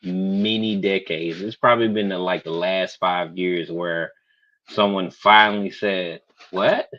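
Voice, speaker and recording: A man's voice: fairly even intonation, measured pace, sharp tone. A man from Georgia with a Southern accent, chatting casually on a livestream and telling stories. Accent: Southern American. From Georgia, USA. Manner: storytelling, mimics others in high voices. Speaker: livestream guest. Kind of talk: casual chat. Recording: dull lo-fi stream audio.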